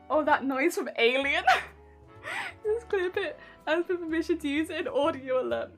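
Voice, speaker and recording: A woman's voice: very high voice, expressive, unhurried. A woman streaming while she crafts a cosplay, chatting casually, giggling often and reading out her chat. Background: soft background music.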